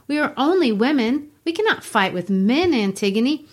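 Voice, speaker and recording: Woman reading timid scared young sister, pleading, voice pitched up a bit. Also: very animated, normal speed. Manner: pleading, anxious read-aloud. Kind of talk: classroom play reading.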